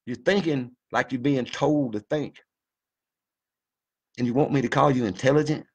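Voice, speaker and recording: A man's voice: mid-range voice, fairly even intonation, moderate pace, a little mellow, breathy edge. A man giving a fired-up, preachy monologue, folksy and full of swearing. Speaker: video commentator. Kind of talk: impassioned monologue.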